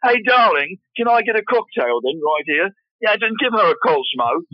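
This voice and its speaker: A man's voice: sits high, big pitch swings, normal speed, dry recording, voice pushed up. A man putting on an English accent to voice a chatty, flirtatious man ordering cocktails in a bar. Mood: flirty. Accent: English, put on. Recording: dull, lo-fi radio sound.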